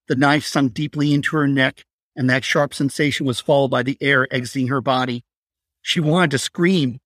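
Male narrator for a dark crime tale, measured and steady, dry close sound. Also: medium pitch, dry recording. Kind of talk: scripted story narration.

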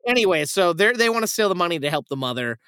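A man's voice: high voice, quick pace, clear, resonant tone, dry recording, studio quality. A young man hosting a film-review podcast, rambling and profane as he retells a plot in a casual chat. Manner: rambling, profane, animated retelling with acted quotes. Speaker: podcast host reviewing films.

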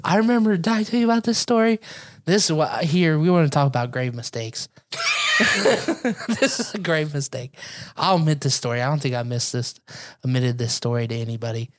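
A man's voice: medium pitch, quick pace. A man telling stories in a casual, profane chat with a friend. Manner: loose, profane, swears a lot.

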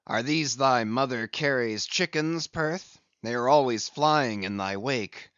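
A man's voice: medium pitch, a little slow, a bit bright, no room sound, muffled recording, close to an everyday voice. A man voicing an obsessed brooding old sea captain. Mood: intense. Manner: passionate, commanding, archaic speech.

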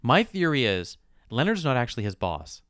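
A man's voice: mid-range voice, big pitch swings, moderate pace, a bit bright, dry recording, studio quality. A man co-hosting a podcast, trading wry, mocking critiques of a TV show in casual chat. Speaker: podcast co-host.

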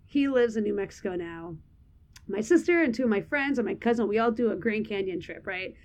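A woman's voice: mid-range voice, animated, fairly quick. Candid rambling woman podcaster. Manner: candid, rambling with many "like"s, laughs often. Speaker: podcast co-host. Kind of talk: casual chat.

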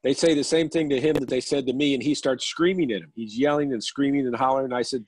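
A man's voice: mid-range voice, fairly even intonation, quick pace, hardly any pauses, darkish tone, no room sound, rough recording. A man, a professional speaker, telling a story on a group call with dry punchlines. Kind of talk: storytelling anecdote. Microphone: phone or video call.

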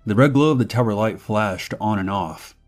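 A man narrating a first-person horror story in a measured, steady way. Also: lowish voice, soft background music.

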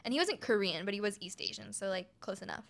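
A woman's voice: mid-range voice, fast, gravelly. A woman in her twenties from Oregon, telling a personal story frankly and animatedly as a podcast guest. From Oregon, USA. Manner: frank, animated, drops into quoted voices.

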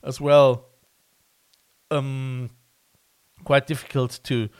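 A man hosting a casual podcast interview, talking in halting phrases full of restarts and fillers. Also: mid-range voice, little pitch movement, clear, resonant tone, dry recording. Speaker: podcast host.

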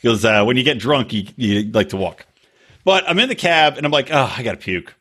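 Animated, bright-voiced man telling crude stories. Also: medium pitch, brisk, slightly rough. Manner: rambling, crude anecdotes, laughs often. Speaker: podcast co-host. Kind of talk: casual chat.

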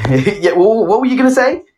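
A man's voice: high-pitched, a little mellow. A man trading crude, mock-aggressive trash talk with a friend while streaming.

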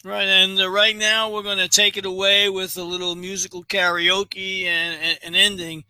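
A man's voice: sits high, level tone, normal speed, sharp tone, smooth, no room sound. A man hosting a casual show, friendly and hesitant, with fillers. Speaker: show host.

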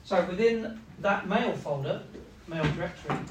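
A teacher with a high, light voice walks a class through a topic step by step, stopping to ask "right?" and voicing the machines he describes. His voice echoes around a roomy classroom, with a faint hum underneath. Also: moderate pace. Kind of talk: classroom lecture.

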